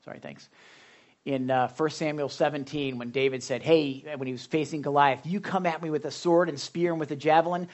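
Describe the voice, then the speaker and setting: A man preaching a casual, animated sermon, full of asides and jokes to the congregation. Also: on the high side, normal speed. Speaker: pastor. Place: hot church room.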